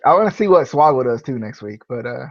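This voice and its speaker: Expressive and quick, with vocal fry in his mid-range voice, a podcast host rambles through a casual wrestling review chat, full of fillers and quick to laugh. It's a dry, dull, lo-fi podcast recording.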